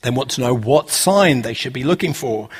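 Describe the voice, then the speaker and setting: A man preaching a relaxed, conversational sermon, full of "uh" fillers and rhetorical questions. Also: medium pitch, moderate pace, breathy edge.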